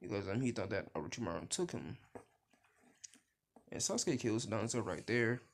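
A man's voice: fairly low pitch, big pitch swings, normal speed, gravelly, slight background noise. A man casually retelling a fan story he made up, rambling, losing his thread and swearing now and then.

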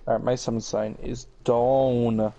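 A young man chatting casually while playing an online co-op game, offhand and distracted, talking fast in bursts. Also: mid-range voice, flat delivery, dark tone, muffled recording. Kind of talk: casual gaming chat.

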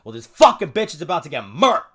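A man streaming a fighting game, cursing at his opponent and calling out his button inputs in quick bursts. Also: fairly high pitch, very animated. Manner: profane, yelling at the opponent. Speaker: gamer streamer. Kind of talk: live gameplay commentary.

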